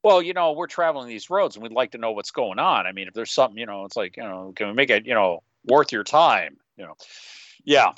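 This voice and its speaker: Man, podcast co-host, bright forceful voice, rambling casual chat, dull lo-fi dry recording. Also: medium pitch, lively intonation, no room sound. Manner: rambling, acts out quick in-character asides. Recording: dull, slightly lo-fi, dry sound.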